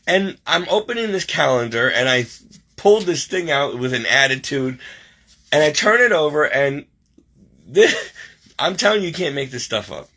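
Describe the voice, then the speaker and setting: Emotional man, bright but husky voice. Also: fairly high pitch, normal speed, pauses often. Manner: emotional, tearing up while reading, animated storytelling. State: teary. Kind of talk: personal testimony, casual talk.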